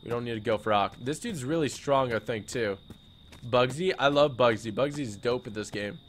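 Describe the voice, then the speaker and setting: A young man streaming a game, chatting casually and excitably, joking and repeating words in bursts. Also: mid-range voice, moderate pace, a little hiss or hum. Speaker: gaming streamer. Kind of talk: casual live-stream commentary.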